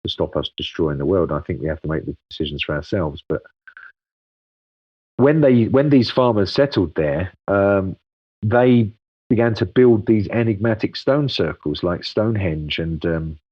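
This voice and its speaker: A man's voice: low voice, animated, moderate pace, breathy edge, no echo, muffled recording. A man, a guest expert in a casual interview, explaining patiently at length with frequent ums and restarts.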